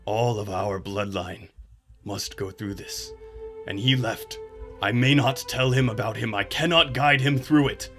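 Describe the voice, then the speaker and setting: A man voicing a large alien warrior father who speaks formally and gravely, without contractions. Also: on the low side, a little slow, fairly bright tone, faint music behind. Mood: solemn.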